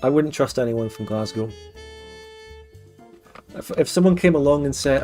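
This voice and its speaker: A man's voice: medium pitch, a little fast, long pauses, dark tone. Casual male streamer host, rambling and joky, faint music behind. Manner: rambling, joking, many fillers. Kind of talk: casual livestream chat.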